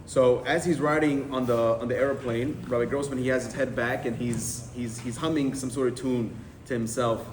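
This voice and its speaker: A man's voice: medium pitch, normal speed, hardly any pauses. A man, a rabbi, telling stories to a group of men and acting out the people in them. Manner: animated storyteller, acting out the people in his stories. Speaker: rabbi giving a talk. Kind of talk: storytelling talk. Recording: echoey room with faint noise.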